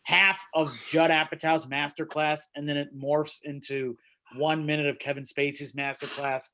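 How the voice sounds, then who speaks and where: A comedian hosting an open mic by video call from a small room at home rambles and riffs through self-deprecating stand-up material. He speaks at normal speed in a fairly high, level voice that sounds pushed and bright.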